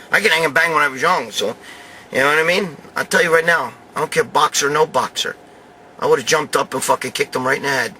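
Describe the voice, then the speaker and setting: A man's voice: medium pitch, bright, forceful tone, slight background noise. A middle-aged man telling a long, rambling story full of swearing and tough-guy bravado, talking straight to his audience. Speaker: show host telling a story. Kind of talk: profane storytelling monologue.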